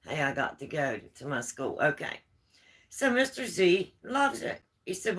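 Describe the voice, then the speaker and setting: A woman's voice: deep voice, very animated, measured pace, fairly bright tone, low-quality recording. A woman vlogger chatting at home, telling homespun stories in a rambling, easygoing way. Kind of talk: casual storytelling chat.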